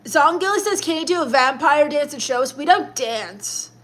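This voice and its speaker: Young woman, high voice, sassy livestream chat reading, quick snappy comebacks. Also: expressive, a bit bright. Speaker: live streamer.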